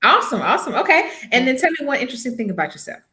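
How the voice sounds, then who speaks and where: A woman hosting an online contest over a video call, upbeat and quick with praise. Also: high-pitched, very animated, pushed and bright. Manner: upbeat, repeats praise words. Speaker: host.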